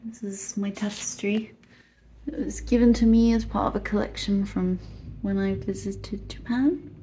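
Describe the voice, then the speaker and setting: An artist vlogger gives a rambling tour of her home in casual chat, making soft asides to herself along the way. Her mid-range voice holds a steady tone at a moderate pace, and the low-quality recording carries a little hiss or hum.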